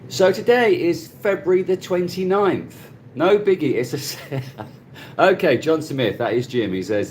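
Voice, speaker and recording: A man's voice: mid-range voice, expressive, takes it slowly, a little hiss or hum. A middle-aged man hosting a casual live stream from his phone, chatting and greeting viewers by name and laughing often. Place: Cebu, Philippines.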